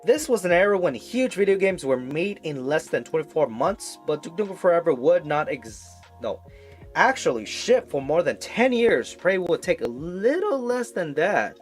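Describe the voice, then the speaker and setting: Guy reading an article on stream, stumbly, quiet music going behind. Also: fairly high pitch. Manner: stumbling, halting read with asides. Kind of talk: casual stream commentary reading aloud.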